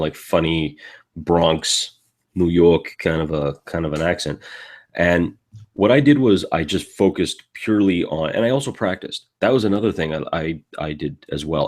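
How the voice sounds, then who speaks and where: Very deep-voiced, rambling tired man. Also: breathy edge. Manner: rambling, many fillers and restarts. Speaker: panelist. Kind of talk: casual panel talk.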